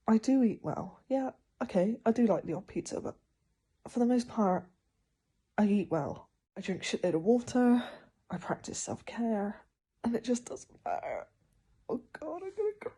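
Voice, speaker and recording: Husky woman with a sore throat, confiding. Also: medium pitch. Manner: candid, halting, often hushed. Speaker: vlogger. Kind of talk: video diary.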